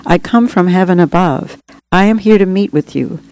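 A woman voicing a calm, wise male white dove who speaks in a matter-of-fact way in an audiobook reading. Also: fairly low pitch, normal speed, close to an everyday voice, rough recording.

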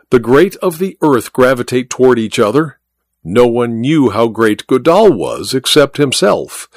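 A man narrates a novel with animated, rising and falling delivery. The reading is expressive and story-driven, recorded close and dry with no room sound. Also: medium pitch, no room sound. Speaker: audiobook narrator. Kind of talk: scripted narration.

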